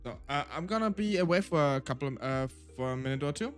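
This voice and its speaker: A man from Germany hosting a gaming stream, relaxed and dry-humored. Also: fairly high pitch, quick pace, faint music behind. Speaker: stream host. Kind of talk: casual gaming chat.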